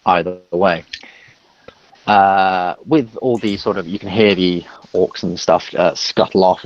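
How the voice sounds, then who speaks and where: A man narrating a tabletop game as dungeon master, halting with many fillers. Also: sits low, steady tone, highs cut off.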